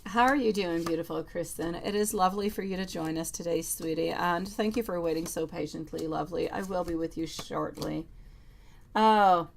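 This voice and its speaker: Gravelly-voiced woman reading tarot live. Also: lowish voice, normal speed, a little hiss or hum. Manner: affectionate, calls viewers sweetie and lovely; reads out chat comments and answers them. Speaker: tarot reader.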